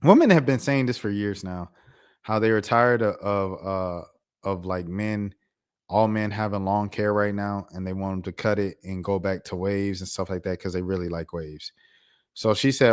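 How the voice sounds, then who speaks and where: Young American man vlogging, low-ish voice, relaxed chatty commentary. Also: normal speed, clean tone. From United States. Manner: laid-back, reflective, conversational. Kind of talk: casual commentary to camera.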